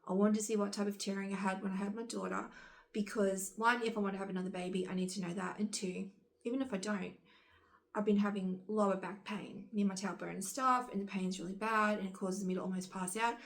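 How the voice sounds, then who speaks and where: A woman's voice: mid-range voice, steady tone, fairly quick. Chatty woman vlogging. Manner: chatty, rambling, exasperated when retelling. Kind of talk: casual chat to camera.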